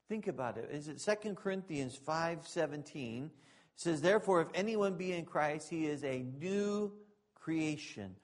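A fairly high-pitched man preaches a sermon at an unhurried pace. He rises into loud, emphatic declarations, then drops to quiet, casual asides and jokes with the congregation. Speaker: pastor.

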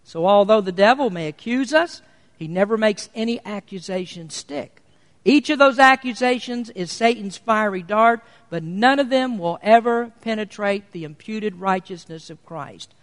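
A man preaching to his congregation, earnest and steady, slowing his delivery to lean on important words. His voice sits notably high for a man. The sound carries a long reverberant tail from a church hall. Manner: earnest preaching, slows for emphasis. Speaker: pastor. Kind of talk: sermon.

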